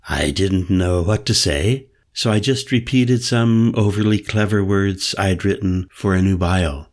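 Male audiobook narrator, first person, low voice, slow measured delivery.

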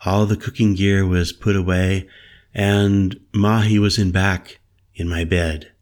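A man narrating a first-person story in a measured, introspective way. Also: sits low, little pitch movement, a little mellow.

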